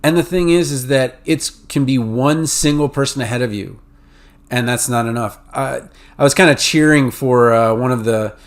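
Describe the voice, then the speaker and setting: Pharmacy students get advice from this podcast host, a man whose accent mixes New England and Mid-Atlantic features. He speaks at a moderate pace in a mid-range voice, explaining things casually with many fillers and restarts.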